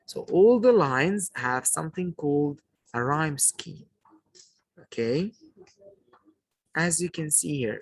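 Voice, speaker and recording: Slow, husky-voiced male teacher. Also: fairly high pitch, expressive, dry recording, low-quality recording. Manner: asks pupils questions and praises answers; slow, repetitive teaching delivery. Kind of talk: classroom poetry lesson.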